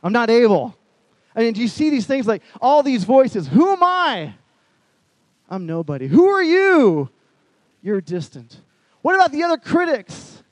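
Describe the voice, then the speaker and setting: A doubting, anxious man, as a preacher puts him on, pleading in a high, strained voice. He frets and argues in short bursts within a sermon. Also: expressive, moderate pace, mellow, no room sound.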